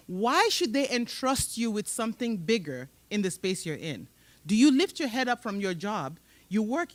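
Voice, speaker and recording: A woman's voice: medium pitch, no echo. A woman with a mixed, hard-to-place accent, giving an emphatic motivational career talk on a conference stage and laughing often. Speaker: panel moderator at a professional summit.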